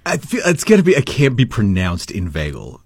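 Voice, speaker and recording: A man co-hosts a radio show with a somewhat low voice, joking about thinking caps and guessing words. The studio sound is close and dry. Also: huge pitch swings, a little fast, darkish tone, husky, no room sound. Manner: playful, jokey. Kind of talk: casual radio banter.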